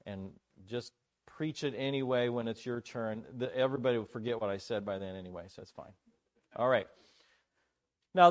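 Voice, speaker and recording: A man delivers a conference sermon with a lively, swinging voice that climbs when he presses a point. He talks to the congregation in a casual, joking way. The recording is dry and close. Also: mid-range voice, no room sound. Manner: animated, conversational, jokes with the audience. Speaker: preacher.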